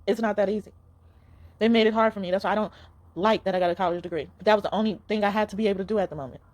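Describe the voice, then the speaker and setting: A woman's voice: medium pitch, racing, a little mellow. A young woman giving a casual spiritual card reading, talking in an earnest, emotional, pleading way.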